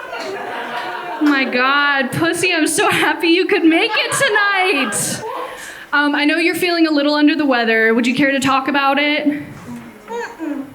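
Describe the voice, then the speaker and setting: A woman's voice: sits high, normal speed, a crowd in the background, rough recording. A stand-up comedian, a woman from Chicago, talking hesitantly with lots of ums during a live set.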